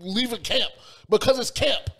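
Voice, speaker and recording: Brief: high-pitched man, heated podcast co-host, loud and profane, talks over everyone. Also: normal speed, vocal fry, husky. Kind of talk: heated casual debate.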